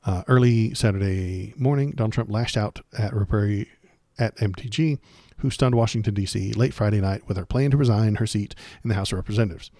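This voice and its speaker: A man's voice: on the low side, a little fast, mellow, no echo, studio quality. A man hosting a casual political livestream, talking sarcastically and rambling with many fillers and restarts.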